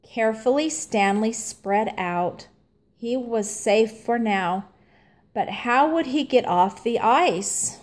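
A woman reading a children's storybook aloud in a gentle, clearly paced narration. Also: fairly high pitch, expressive, takes it slowly. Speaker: storybook reader.

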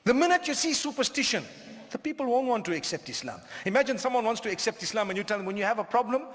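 A male preacher from southern Africa giving a humorous, animated lecture to a live audience and often questioning the crowd. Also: very high-pitched, quick pace. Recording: long hall reverb.

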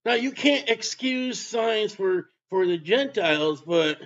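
A man preaching a sermon, emphatic, with bursts of loud delivery. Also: high voice, lively intonation, slow pace. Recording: dull lo-fi sound.

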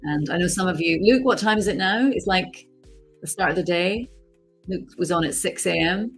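A woman's voice: lowish voice, normal speed, faint music behind. A woman, an actress, chatting casually with fans on a signing livestream from home, laughing often as she reads the chat aloud.

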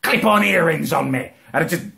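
A man delivering an indignant comic rant, swearing and climbing high in pitch as he gets outraged. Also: expressive, moderate pace, creaky, bright, forceful tone. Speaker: comedy ranter.

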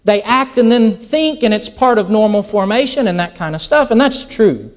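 Pastor guy preaching a sermon, lively up and down voice, acts out little bits of dialogue. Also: high-pitched, moderate pace. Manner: animated storytelling, acts out quoted dialogue.

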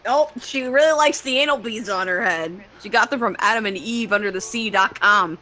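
A woman's voice: mid-range voice, moderate pace, sharp tone, poor audio. A woman co-hosting a film riff, making crude, mocking jokes in casual chat. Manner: crude, joking. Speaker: co-host.

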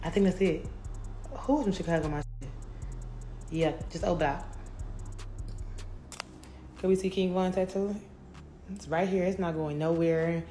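A woman's voice: fairly low pitch, fairly even intonation, unhurried, long pauses, mellow, soft background music. A young adult woman rapper talking casually in an interview, brash, boastful and full of profanity. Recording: roomy echo.

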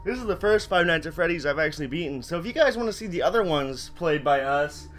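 A man hosting a gaming channel, giving excitable let's-play commentary to his viewers. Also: fairly high pitch, fast, soft background music. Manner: excitable, talks to viewers, shouts when winning.

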